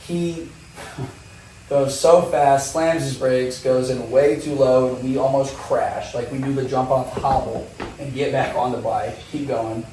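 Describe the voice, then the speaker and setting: A man telling a wild story in casual talk, animated and swearing, laughing often. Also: mid-range voice, measured pace, very echoey, far from the mic, a little hiss or hum, poor audio. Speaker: guest motorcycle rider.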